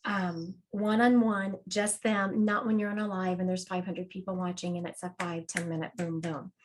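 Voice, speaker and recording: A woman's voice: lowish voice, flat delivery, normal speed, a little hiss or hum. A woman hosting an interview podcast, talking in a chatty, emphatic way about her work as a medium. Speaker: podcast host, psychic medium. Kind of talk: casual interview talk.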